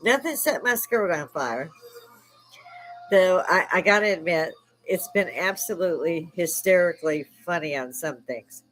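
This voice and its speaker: An older woman from Chicago chats on a live stream in a salty, profane way, breaking into laughs often. Her voice sits somewhat low, and faint music plays underneath. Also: expressive, normal speed, fairly bright tone, poor audio. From Chicago, United States. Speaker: live stream host, army veteran. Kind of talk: casual live stream chat.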